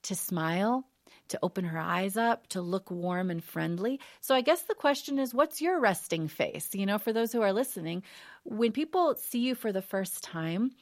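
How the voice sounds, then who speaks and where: A woman counselor, a guest on a talk show, explaining things in a measured way. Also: medium pitch, lively intonation. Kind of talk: conversational interview.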